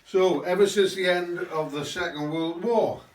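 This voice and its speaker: A man's voice: high voice, measured pace. A man giving a rambling satirical political monologue, full of tag questions. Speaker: host. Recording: roomy, mic at a distance.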